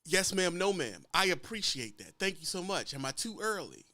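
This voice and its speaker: A man voicing a humble, polite adult truck driver who talks softly and apologetically. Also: high voice, very animated, normal speed, no room sound, exaggerated voice. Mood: meek, polite. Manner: soft, apologetic, deferential.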